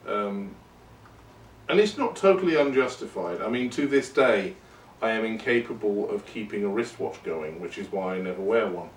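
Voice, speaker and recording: A man hosts his podcast in a loose, rambling monologue, poking fun at himself as he goes. His voice sits on the low side. The sound is roomy, as if he is some way off the mic, with a faint hiss behind. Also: lively intonation, moderate pace, distant mic. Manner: rambling and self-deprecating. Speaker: podcast host. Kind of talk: casual monologue.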